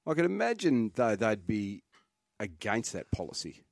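A man's voice: on the low side, sing-song, gravelly, darkish tone, no echo. An Australian man in his fifties, co-hosting a radio sports show with chatty, laughing banter. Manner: chatty, laughing, quick joking asides. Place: radio studio. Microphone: studio microphone.

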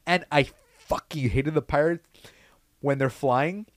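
A young man in casual chat, animated and profane, acting out quotes in funny voices. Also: fairly high pitch, measured pace, no room sound.

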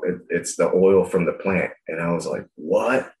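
A young man with a very deep, low voice tells a story in loose, slangy talk. He swears freely and rambles from one aside to the next. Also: normal speed, a little mellow, echoey room, poor audio. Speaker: guest telling a story. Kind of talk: casual storytelling.

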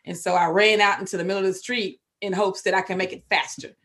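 A woman's voice: mid-range voice, fairly even intonation, fast, noisy background. Candid Texan woman telling her story. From Texas. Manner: candid, emotional storytelling with sudden loud outbursts. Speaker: guest. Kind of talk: personal recovery story.

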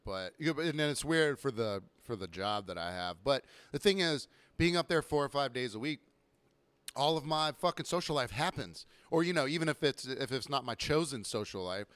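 A young man hosting a podcast, ranting profanely about bartending and customers, now and then mimicking them in a higher voice. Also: expressive, fairly quick, fairly bright tone, clean tone, no echo. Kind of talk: casual podcast rant.

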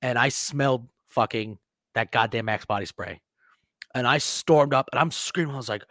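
A man co-hosting a podcast, telling profane, animated stories and shouting out quoted lines. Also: mid-range voice, a little fast, dry recording, clean studio sound. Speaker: podcast co-host. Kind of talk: casual storytelling chat.

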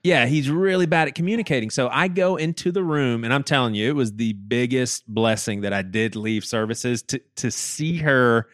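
A man hosting a podcast, telling a personal story in casual chat, animated and quick to act out what people said, often restarting and repeating his words. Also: mid-range voice, no room sound, clean studio sound.

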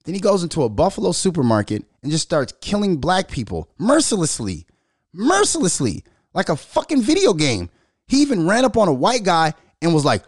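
Animated, profane middle-aged man. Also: high voice, no room sound, clean studio sound. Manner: loud, profane, animated storytelling. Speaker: commentary vlogger. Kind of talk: unscripted profane rant.

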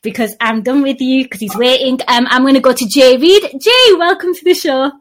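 High-voiced teasing woman host. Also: fairly quick. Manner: teasing, swears freely, laughs often. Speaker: podcast host. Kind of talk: casual football call-in chat.

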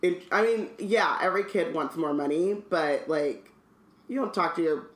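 A woman's voice: low voice, normal speed, reverberant. A woman co-hosting a casual book-club podcast, reading aloud and chatting with many asides.

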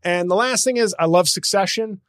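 A man riffs on his podcast in loose comedic chat, profane and animated, jumping between opinions and silly voices. His voice sits fairly high, with a dry, close sound and no room around it. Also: a little fast, dry recording. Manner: animated, profane, jokes with bursts of mock voices.

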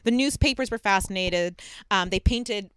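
A woman's voice: mid-range voice, moderate pace, fairly bright tone, smooth, no room sound. A young adult woman hosting a podcast, telling a true-crime story in a chatty way full of fillers. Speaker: podcast host. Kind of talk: casual true-crime narration.

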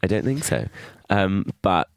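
Wry low-voiced man. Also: animated, dry recording, clean studio sound. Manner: teasing, wry, drawn-out emphasis. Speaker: comedy podcast co-host. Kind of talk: casual comedic chat.

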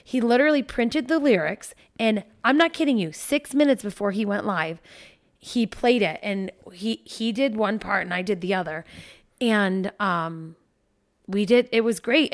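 A woman in her thirties, co-hosting a relaxed chat. She tells stories about her family in an animated way, full of quick asides and laughter, in a mid-range voice. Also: mid-range voice. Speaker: podcast co-host. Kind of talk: casual chat.

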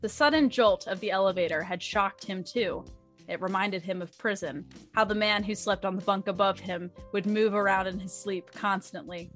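A woman's voice: mid-range voice, moderate pace, a bit bright, faint music behind. Chatty young woman reading a story. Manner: chatty, giggly. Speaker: fanfic reader. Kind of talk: casual storytelling read-aloud.

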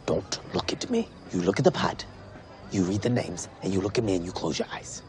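A man's voice: low voice, sing-song, a little fast, darkish tone, faint music behind. An actor playing an imperious, furious man who barks cold commands. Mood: commanding.

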